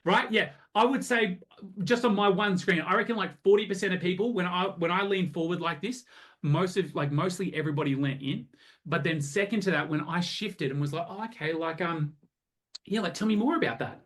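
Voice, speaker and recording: A man coaching a group over a video call, energetic and acting out both sides of conversations. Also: sits high, a little fast. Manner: energetic, animated, acts out both sides of chats. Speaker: sales coach.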